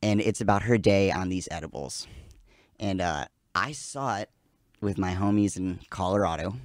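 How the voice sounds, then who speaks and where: A man in his thirties, a podcast guest, telling a rambling, animated story in casual chat and swearing freely. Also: deep voice, normal speed, no echo, clean studio sound.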